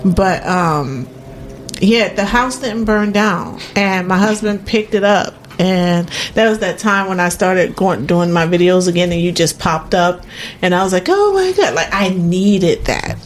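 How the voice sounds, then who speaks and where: A woman's voice: fairly low pitch, fairly even intonation, a little slow, slight background noise. A middle-aged woman hosting a casual chat, telling her own story in an earnest way.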